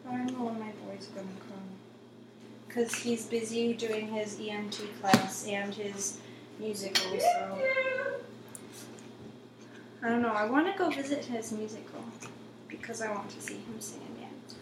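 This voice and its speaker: A woman's voice: fairly high pitch, animated, measured pace, long pauses. A young woman in easygoing casual chat at a meal. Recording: echoey room, noisy, mic far off. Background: clattering dishes and cutlery.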